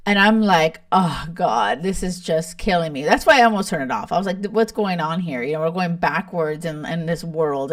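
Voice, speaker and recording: A young woman hosting a podcast, chatting casually and laughing often, with many fillers like "like" and "you know". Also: mid-range voice. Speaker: podcast host. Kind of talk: casual chat recapping a reality show.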